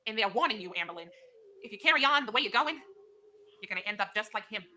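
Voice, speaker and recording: A woman's voice: medium pitch, lively intonation, quick pace, bright, forceful tone, a little hiss or hum. A woman playing a theatrical fake psychic who talks patronizingly and keeps calling her client honey. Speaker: comedic psychic.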